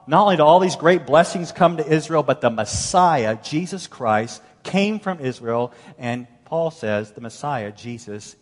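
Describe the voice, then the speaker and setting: Animated male preacher in a reverberant hall. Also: mid-range voice. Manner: animated preaching, swings from loud emphasis to hushed. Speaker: pastor. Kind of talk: sermon.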